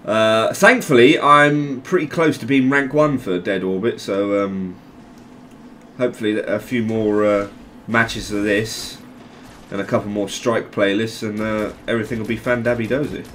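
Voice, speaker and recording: A man giving casual, rambling commentary over a video game, joking, laughing often and breaking into loud exclamations. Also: fairly low pitch, fairly even intonation, normal speed, a little hiss or hum. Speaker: gameplay commentator.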